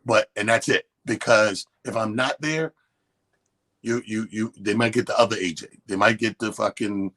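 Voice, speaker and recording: A man's voice: on the low side, steady tone, moderate pace, fairly bright tone. A man co-hosting a radio show, telling a long, profane story in casual chat and acting out both sides of the quotes. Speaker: radio co-host. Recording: radio studio.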